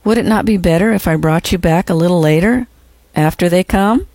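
A gentle male spirit , voiced by the audiobook reader, speaks softly, with patient reassurance. The voice sits at a middle pitch. The recording is dry, with no room sound. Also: a little fast, no room sound, natural voice. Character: gentle, kind adult male spirit guide. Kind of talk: audiobook reading.

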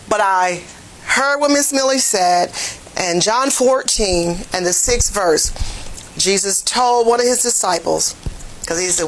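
A woman Bible teacher preaching a lesson in a fervent, plain-spoken way, her voice swelling to near-shouts. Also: mid-range voice, animated, takes it slowly, long pauses, a little hiss or hum, low-quality recording. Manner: folksy, plain-spoken phrasing. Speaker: jail ministry Bible teacher.

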